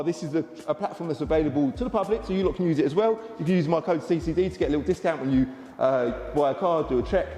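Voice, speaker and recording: Man, car dealer, casual vlog, excitable and chatty, mellow voice, long reverb, faint music. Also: high-pitched. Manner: excitable, chatty, talks to camera.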